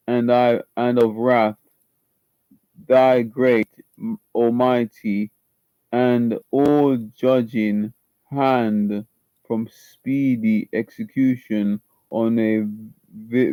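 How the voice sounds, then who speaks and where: A man performing an audition monologue as a tormented young man fighting a guilty love, halting and stumbling over words. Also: mid-range voice, clean tone, dry recording. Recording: slightly muffled lo-fi recording.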